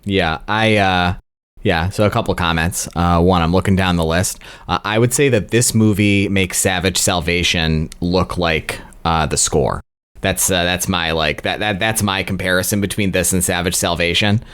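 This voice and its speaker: A man's voice: low voice, steady tone, moderate pace, fairly bright tone, smooth. A man co-hosting a podcast, giving hesitant opinions in casual chat with many fillers and restarts. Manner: hesitant, lots of ums and restarts. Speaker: podcast co-host. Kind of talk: casual movie-review chat.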